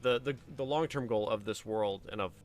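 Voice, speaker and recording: A man streaming a game, telling family stories in a casual, lively way and acting out the voices of the people in them. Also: on the low side, fairly quick, faint music behind. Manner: animated anecdote telling with acted-out quotes. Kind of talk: casual storytelling while playing a game.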